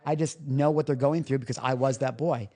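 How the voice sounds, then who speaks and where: Brisk and mellow, this male guest on a podcast interview speaks with a medium pitch and fairly even intonation. He's a recovery coach sharing personal stories openly and emotionally, dropping profanity in a relaxed way.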